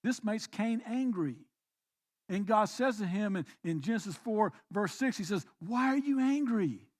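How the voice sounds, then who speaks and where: A man pastor preaching a sermon, swinging between quiet reflective passages and emphatic, raised exhortations. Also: sits high, lively intonation, measured pace. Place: church.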